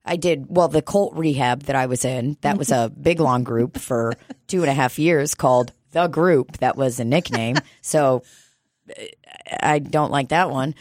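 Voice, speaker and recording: A woman with a low voice talks in loose, casual conversation. She laughs often and acts out quoted lines as she tells stories. The sound is dry and close to the mic. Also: a little slow, darkish tone, dry recording. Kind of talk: casual chat.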